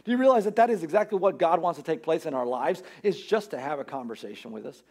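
Male pastor, higher-pitched voice, conversational sermon delivery that builds in emphasis. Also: lively intonation, quick pace, a little mellow, husky. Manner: earnest, conversational preaching with rising emphasis. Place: church.

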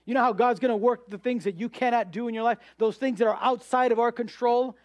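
A male pastor delivers an emphatic sermon in a notably high voice. He poses questions and answers them himself, acting out the objections of his listeners. The sound is dry and close. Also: fairly even intonation, fast talker, no echo.

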